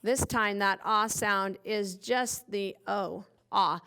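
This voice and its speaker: A woman's voice: medium pitch, fairly even intonation, slow, sharp tone, clean tone. A woman teaching young children a phonics lesson, cheerfully spelling out letters one by one. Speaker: kindergarten teacher.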